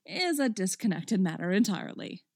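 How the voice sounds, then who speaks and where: Animated, wry woman reading a story. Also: mid-range voice, normal speed, gravelly, no room sound, clean studio sound. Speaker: story reader. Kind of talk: reading fan fiction aloud.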